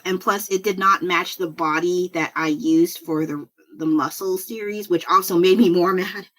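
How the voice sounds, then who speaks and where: A woman's voice: fairly low pitch, fairly bright tone. Rambling, laughing woman drawing on stream. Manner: rambling, self-deprecating, laughs often. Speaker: artist streaming a drawing session. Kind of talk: casual chat while drawing.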